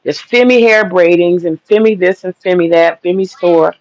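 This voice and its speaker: A woman hosting a live stream, ranting bluntly and with lots of swearing while lying down, her voice sounding deep. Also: normal speed, a little mellow, dry recording, dull audio. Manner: blunt, profane, rambling. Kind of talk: casual live-stream rant. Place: lying down at home.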